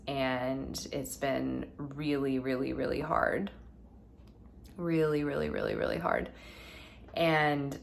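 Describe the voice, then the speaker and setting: Woman vlogger, low voice, earnest and musing, faint noise in the room. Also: vocal fry. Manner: earnest, musing, many fillers like "like". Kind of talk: reflective personal talk to camera.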